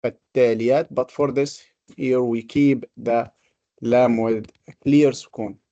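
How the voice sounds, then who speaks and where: A man's voice: medium pitch, fairly even intonation, takes it slowly, warm tone, dull audio. A man teaching a classroom lesson on Quranic reading. He talks patiently, explains step by step and repeats his examples. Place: classroom with a board.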